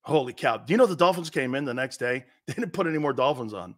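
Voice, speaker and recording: A middle-aged man hosting casual sports talk, lecturing with lots of rhetorical questions and an animated delivery. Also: medium pitch, quick pace.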